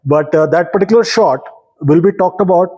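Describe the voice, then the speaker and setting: Male interviewer, warm mellow tone, halting with fillers. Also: high voice, husky, muffled recording. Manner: measured, hesitant with fillers. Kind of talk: conversational interview.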